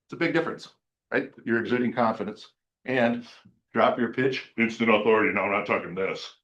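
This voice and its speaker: A man leading a team workshop in a meeting room, joking and energetic as he runs practice drills. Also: medium pitch, fairly quick, lo-fi sound. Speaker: team leader coaching agents. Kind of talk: workshop coaching talk.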